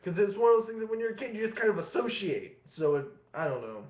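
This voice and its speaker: A man's voice: high-pitched, big pitch swings, quick pace. Rambling, swearing man on a lo-fi webcam. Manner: profane, rambling, laughing between phrases. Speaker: vlogger. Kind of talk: casual storytelling vlog. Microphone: webcam facing him. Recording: echoey room, dull lo-fi sound.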